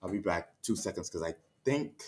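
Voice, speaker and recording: A man with a lowish voice chats loosely with his live stream audience. He is winded and keeps sighing as he gets his breath back. He stumbles over restarts and keeps checking in with his listeners. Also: animated, normal speed, a little mellow, a little hiss or hum. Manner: sighing, stammering restarts, keeps asking "you know what I mean". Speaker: livestreamer reading chat. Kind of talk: casual livestream chat. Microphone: streaming setup mic.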